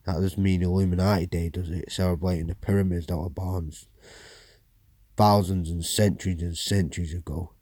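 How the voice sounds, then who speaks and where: A man's voice: sits low, dark tone, no room sound, studio quality. A man hosting a podcast, reading news aloud with blunt, sweary, rambling asides. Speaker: podcast host.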